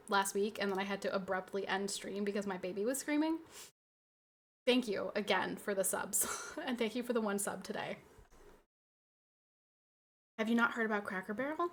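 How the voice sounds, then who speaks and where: A young adult woman streaming and chatting with her viewers, ranting in an animated way and swearing freely. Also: mid-range voice, slight background noise. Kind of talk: casual livestream chat.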